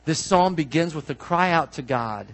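Male pastor, slightly higher voice, conversational sermon that builds to emphatic declarations. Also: expressive, fairly bright tone, faint music behind, low-quality recording. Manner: conversational, asks the congregation questions; rises to emphatic, drawn-out declarations.

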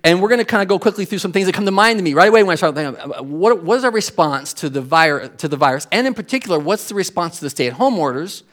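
A middle-aged American man with an American accent preaching a sermon as pastor, telling stories in an animated way and repeating words as he builds a point. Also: high-pitched, quick pace, few pauses.

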